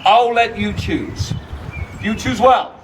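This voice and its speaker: A man performs a comic costumed show at a castle gate, teasing the audience and leading shouted battle cries. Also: sits high, slow. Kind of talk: live comic crowd-work show. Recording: distant handheld recording with loud wind. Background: crowd of visitors and wind noise.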